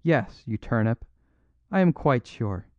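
A man's voice: mid-range voice, very animated, slow pace, darkish tone, no echo. A man reading an audiobook, voicing a bold, mocking male master thief in a dry, dull recording. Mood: gloating. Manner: mocking, boisterous.

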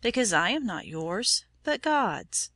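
Brief: a woman playing a small, gentle storybook girl, high and bright, dry close sound. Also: very animated, takes it slowly, dry recording, exaggerated voice. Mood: calm defiance. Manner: soft, steadfast and courteous. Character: brave little Christian girl, gentle. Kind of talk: storybook reading.

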